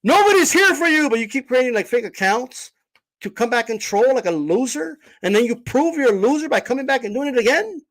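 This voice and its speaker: Brief: high-voiced man, livestream host, blunt and confrontational rant. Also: expressive, brisk, fairly bright tone. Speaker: boxing channel host.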